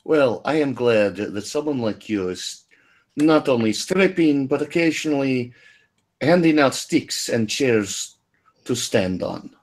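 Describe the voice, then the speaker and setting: Man plays slow, pleasant healer woman with a sinister streak. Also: medium pitch, lively intonation, darkish tone. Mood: gently wry. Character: calm, serene female healer with a dark edge.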